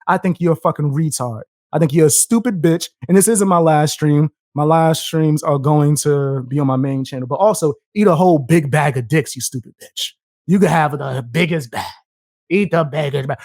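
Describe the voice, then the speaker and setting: A man's voice: a little high, brisk, a little mellow, dry recording, clean studio sound. A young man live streaming, reacting with a profane, combative rant and taunting his viewers between laughs.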